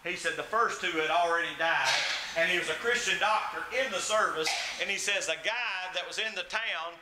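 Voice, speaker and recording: A man preaches with a high, ringing voice that is very bright and edgy. He tells stories in his sermon and acts out the people in them. A faint hiss sits under the church recording. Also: moderate pace, poor audio. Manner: storytelling preacher, acts out quoted voices with big swings. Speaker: pastor.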